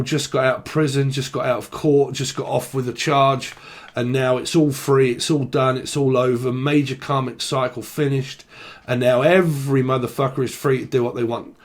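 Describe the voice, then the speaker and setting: A young man with a London-area English accent, giving a rambling, swear-filled casual tarot reading. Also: mid-range voice. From Britain. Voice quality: swears a lot, slangy and rambling. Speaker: tarot reader. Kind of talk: casual tarot channelling monologue.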